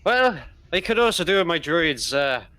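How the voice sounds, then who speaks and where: A man playing in a tabletop game, chatting playfully with quick asides over a video call. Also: a little high, sing-song, pushed and bright, no room sound. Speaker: player. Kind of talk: casual chat before a tabletop game.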